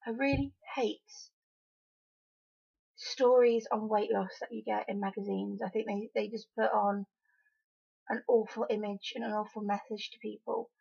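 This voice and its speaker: A woman's voice: medium pitch, steady tone, normal speed, creaky, a little mellow, breathy edge, highs cut off. A young woman from Wales talking frankly and emphatically in a casual opinion vlog, often exasperated. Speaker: vlogger.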